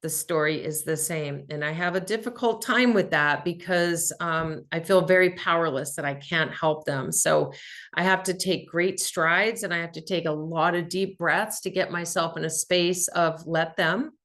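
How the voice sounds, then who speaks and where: A woman's voice: lowish voice, fairly even intonation, normal speed, fairly bright tone. A woman hosting a podcast, giving a candid, earnest personal motivational talk and swearing casually. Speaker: podcast host.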